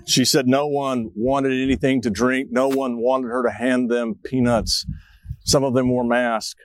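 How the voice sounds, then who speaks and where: Telling stories in a thoughtful sermon, a middle-aged pastor acts out a child's voice when quoting. He speaks at medium pitch with flat, measured delivery, and the recording is rough.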